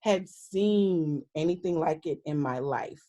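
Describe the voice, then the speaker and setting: A woman's voice: deep voice, slow, warm tone, muffled recording. A woman guest, a minister, telling a personal story in an interview in a candid, earnest way, acting out the lines of the people in it.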